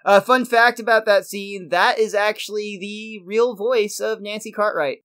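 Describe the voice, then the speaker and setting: A man's voice: high voice, steady tone, a little slow, pushed and bright. Laughing man recapping an episode. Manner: laughs often, loose joking storytelling. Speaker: podcast co-host. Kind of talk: casual chat recapping a cartoon episode.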